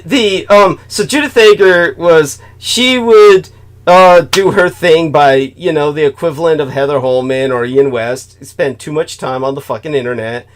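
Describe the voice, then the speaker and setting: Male talk host, slightly high voice, rambling, swears a lot, chuckles at himself. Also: normal speed, few pauses. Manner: profane, digressive, laughs at own remarks. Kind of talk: casual rambling monologue.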